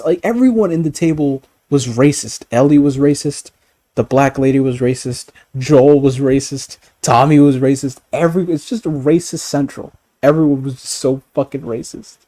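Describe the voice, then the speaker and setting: A man's voice: fairly high pitch, moderate pace, mellow. A man talking casually, rambling with stammered restarts, frequent swearing and bursts of laughter. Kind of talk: casual chat.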